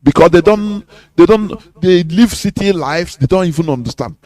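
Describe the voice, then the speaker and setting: A man's voice: high-pitched, moderate pace. Emphatic Nigerian man on live radio. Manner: emphatic, animated, often asks "you understand?" and chuckles. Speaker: radio presenter. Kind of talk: impassioned live radio talk.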